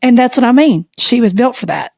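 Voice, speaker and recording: A woman with a Southern US accent co-hosting a podcast, telling a story in an animated, folksy way. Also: fairly high pitch, fairly quick, no echo. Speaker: podcast co-host. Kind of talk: casual storytelling chat.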